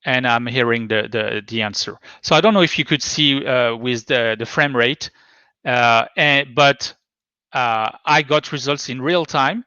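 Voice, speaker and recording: Male conference presenter, French accent, muffled slightly dull line, halting delivery full of "uh". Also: medium pitch, pushed and bright, clear, resonant tone, no room sound. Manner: hesitant, many fillers and restarts. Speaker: conference speaker. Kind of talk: technical talk with live demo. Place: home.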